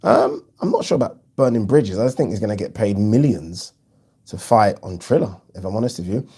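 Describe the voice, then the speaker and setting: Brisk and sing-song, this man's fairly low voice is mellow and husky. He hosts a live boxing watch-along, reading comments from viewers casually and frankly, swearing freely with lots of ums.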